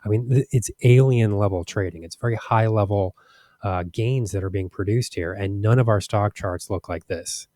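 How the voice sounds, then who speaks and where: A man's voice: on the low side, normal speed, dark tone, dry recording, studio quality. A man hosting a stock market channel, speaking frankly and with exasperation over charts, with many restarts and fillers. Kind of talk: casual commentary over charts.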